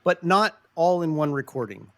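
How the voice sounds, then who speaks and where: A man with a slightly raised pitch co-hosts a podcast in loose, easy chat, swearing freely and laughing between thoughts. The sound is dry and close, with no room around it. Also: expressive, normal speed, gravelly, a bit bright, dry recording. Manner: casual and profane, laughs often. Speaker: podcast co-host. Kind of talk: casual chat.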